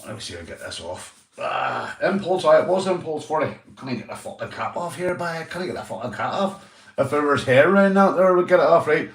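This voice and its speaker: A man's voice: on the high side, sing-song, fairly quick, gravelly. Sweary Northern Irish man, echoey room. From Northern Ireland. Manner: sweary, rambling, says mate constantly. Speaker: livestream host. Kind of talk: casual livestream chat. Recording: echoey room, mic at a distance.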